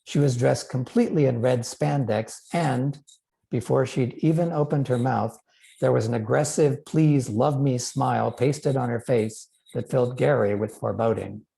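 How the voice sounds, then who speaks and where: A male author reads his own novel aloud, measured and expressive. His voice is dark and warm, with a gravelly edge in the low notes. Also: poor audio. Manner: measured, expressive literary reading.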